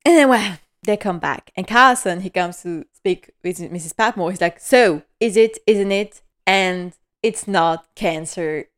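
A woman's voice: lowish voice, measured pace, few pauses, fairly bright tone. A woman hosting a casual episode recap, enthusiastic, laughing often and using many fillers. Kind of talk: casual chat.

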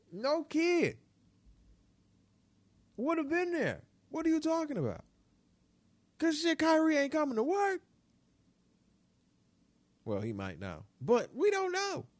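A man's voice: very high voice, dry recording. A man hosting a basketball talk show, ranting emphatically and repeating lines for effect, recorded close in a small room. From New York. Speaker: sports talk show host. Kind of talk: animated basketball commentary.

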